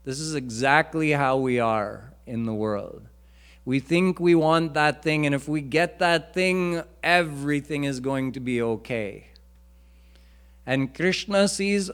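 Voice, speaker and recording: A man's voice: mid-range voice, slow. A man preaching a devotional lecture in a temple, teaching earnestly and chanting Sanskrit verses. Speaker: swami preacher. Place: temple hall.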